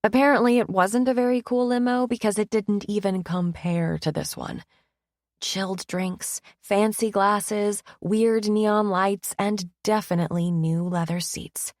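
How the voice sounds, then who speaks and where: A woman narrating a romance audiobook in first person, with a wry, expressive manner, close to the mic. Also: medium pitch, measured pace, dry recording.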